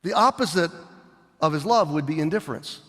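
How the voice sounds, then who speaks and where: A middle-aged male pastor preaching a sermon, animated, swinging between loud and soft as he acts out scenes. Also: on the high side, fairly quick. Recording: long hall reverb.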